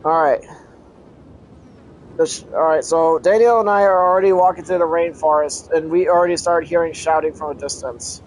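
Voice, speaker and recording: A man reading an adventure story aloud as a channel host, halting, correcting himself and breaking off for casual asides. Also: fairly high pitch, fairly even intonation, a little hiss or hum, poor audio. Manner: halting reading with frequent self-corrections and restarts.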